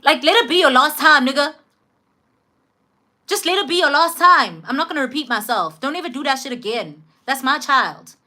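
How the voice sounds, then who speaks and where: A woman voicing a stern, protective middle-aged father who warns firmly and slowly. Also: mid-range voice, expressive, pushed and bright, pitched below the performer's own voice. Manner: slow, firm, warning.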